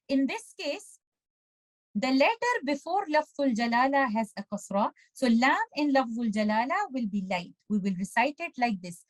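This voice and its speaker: A woman's high, clear teaching voice walks through recitation rules with patient care. She is methodical, slowing down to spell out sounds syllable by syllable. The recording is close and dry, with no room around her. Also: big pitch swings, dry recording, poor audio. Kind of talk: step-by-step tajweed lesson with recited examples.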